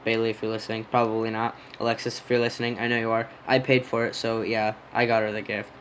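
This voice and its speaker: A man's voice: fairly low pitch, level tone, quick pace, a bit bright, a little hiss or hum, low-quality recording. A young man casually telling a rambling personal story on his podcast, yawning and smacking his lips. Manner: rambling, self-interrupting, yawning and lip-smacking. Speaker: podcast host.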